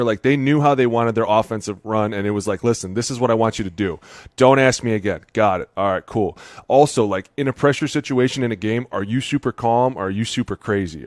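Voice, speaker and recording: A rapid-fire man in his thirties tells locker-room stories as a podcast guest. He rattles along at a brisk clip and jumps into the voices of coaches and teammates. The sound is close and dry. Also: mid-range voice, dry recording. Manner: fast, animated storytelling, acts out coaches and players. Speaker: former NFL offensive lineman, podcast guest. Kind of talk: casual podcast chat.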